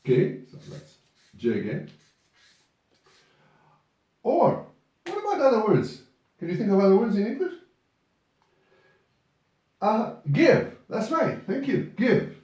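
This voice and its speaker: A male teacher leads a pronunciation lesson, speaking slowly and repeating each word patiently. His pitch is a little raised and swings widely. The sound is distant and very echoey, as if caught from across a classroom. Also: wildly swooping pitch, darkish tone. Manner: patient, repeats words for students. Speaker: English teacher.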